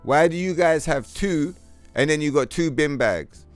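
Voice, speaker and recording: A man's voice: a little high, a little slow, no room sound, faint music behind. A man from London with a London accent, chatting bluntly and profanely as he streams a game, with trollish banter. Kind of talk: casual livestream chat.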